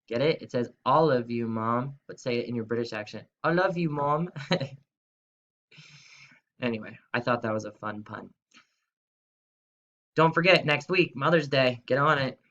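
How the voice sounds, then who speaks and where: A man's voice: medium pitch, normal speed, a bit bright, lo-fi sound. A young man teaching a video lesson to schoolchildren in an upbeat, chatty way, talking straight to the kids. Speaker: third-grade teacher.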